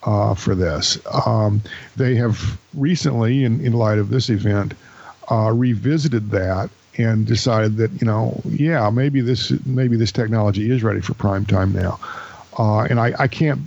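A man's voice: fairly low pitch, a little slow, vocal fry, darkish tone, breathy edge, dull audio. A man co-hosting an aviation podcast, explaining an incident in a casual, hesitant way with many fillers. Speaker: podcast co-host. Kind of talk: casual chat.

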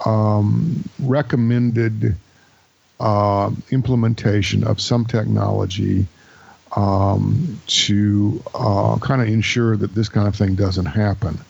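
Man, podcast co-host, gravelly, husky, hesitant, casual chat. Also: fairly low pitch, steady tone, slow, darkish tone, muffled recording. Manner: hesitant, many fillers.

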